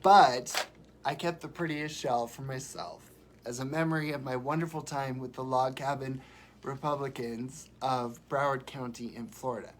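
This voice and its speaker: A man talks in a loose, rambling way on a live stream from home, sentimental and chatty, with his voice at an everyday middle pitch. A faint noise floor hums under his voice. He is sick and sounds a little worn. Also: steady tone, moderate pace. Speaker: vlogger. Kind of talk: casual live-stream chat.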